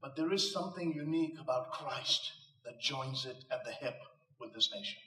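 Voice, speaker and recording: A man with a medium-pitched, pushed and bright voice speaks at a moderate pace, sounding far from the mic in an echoey room. He's a motivational speaker at a live venue, delivering an emphatic, rhetorical inspirational speech with punchline jokes mixed in.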